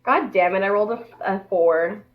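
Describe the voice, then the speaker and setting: A woman's voice: mid-range voice, moderate pace, over music. A woman playing a tabletop game, talking casually and hesitantly with lots of fillers. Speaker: player. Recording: dull lo-fi audio.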